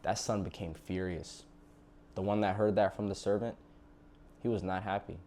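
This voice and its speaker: A man's voice: low-pitched, level tone, moderate pace, a little mellow, slight background noise. A man giving an informal sermon, earnestly pleading and retelling a parable with animation. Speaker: preacher.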